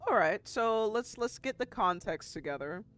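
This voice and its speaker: A game master narrating a tabletop role-playing game in a relaxed, chatty way. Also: medium pitch, normal speed.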